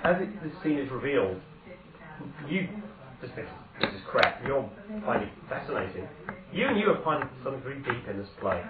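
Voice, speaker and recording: A man narrating a tabletop game as game master, speaking conversationally with frequent hesitations and self-corrections. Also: medium pitch. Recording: echoey, distant, phone-like sound.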